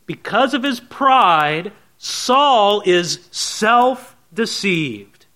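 Man preaching a sermon, high voice, earnest, keeps asking questions and saying friends. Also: animated, very slow, sharp tone. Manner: earnest, addresses listeners as friends, rhetorical questions. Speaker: pastor.

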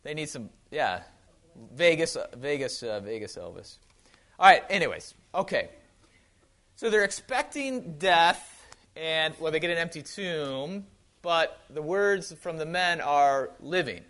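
A man's voice: a little high, expressive, unhurried, fairly bright tone. A man with a Wisconsin accent giving a casual sermon, chatty with joking asides and frequent restarts. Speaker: pastor.

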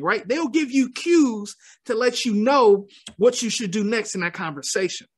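A man who is a guest on a podcast, speaking as a motivational speaker in a calm, measured, explanatory way and often checking in with "right?". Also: very high voice. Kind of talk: podcast interview.

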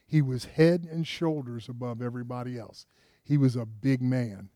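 A man's voice: medium pitch, normal speed, mellow, no room sound, studio quality. A man preaching a sermon, retelling a story conversationally with rhetorical questions and frequent restarts. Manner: frequent restarts, rises with emphasis.

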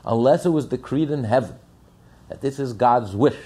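A man's voice: medium pitch, normal speed, mellow. A man giving a sermon as a rabbi, emphatic and repetitive, firing rhetorical questions. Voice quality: gravelly, husky.

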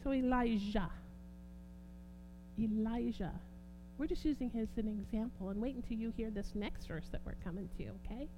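A woman preaching a sermon, fervent and swinging from quiet talk to loud exclamations. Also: on the high side, normal speed, noisy background.

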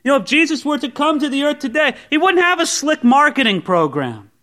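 Man preaching a sermon: high, very lively pitch, talks like a chat, voices imagined objections. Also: brisk. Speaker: pastor. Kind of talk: expository sermon. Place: church service before a congregation.

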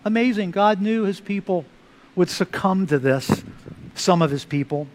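A pastor preaching a sermon, swinging between loud emphatic lines and hushed, quiet asides. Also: male voice, sits high, animated, normal speed, a little hiss or hum.

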